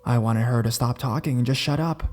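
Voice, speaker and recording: A man giving a scripted first-person horror story narration in a measured, deliberate way. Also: medium pitch, darkish tone, soft background music.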